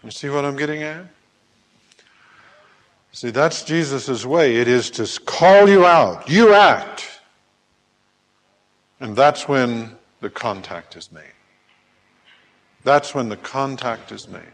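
A man preaching a sermon who acts out scripture scenes in lively voices, at times hollering. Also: medium pitch, slow, pauses often. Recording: long hall reverb.

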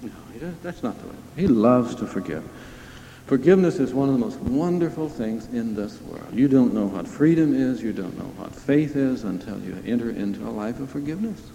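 A man's voice: medium pitch, expressive, a little fast, vocal fry, warm tone, lo-fi sound, slight background noise. A man preaching a sermon in a conversational, emphatic way, asking his listeners questions. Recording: echoey hall with long reverb.

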